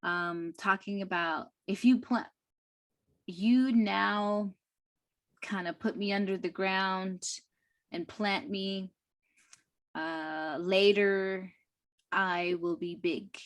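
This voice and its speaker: A woman teaching a language class, reading a short story aloud line by line and explaining it slowly and carefully. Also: mid-range voice, fairly even intonation. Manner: slow, careful, with fillers and soft laughs.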